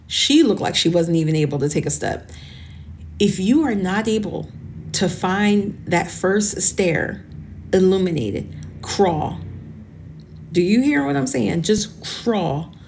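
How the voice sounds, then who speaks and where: A woman's voice: lowish voice, sing-song, slow, a little mellow, slight background noise. A woman in her forties hosting a motivational podcast, talking to listeners in an earnest, encouraging way and sounding close to tears. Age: 40s. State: tearful, emotional. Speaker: podcast host.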